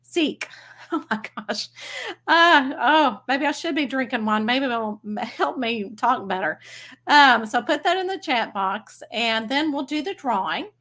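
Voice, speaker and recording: A bubbly woman with a Texas accent chats casually to her livestream audience. Her voice sits a little high. She talks in a friendly, rambling way and laughs easily. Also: expressive, measured pace, bright, forceful tone. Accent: Texan. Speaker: psychic medium livestream host.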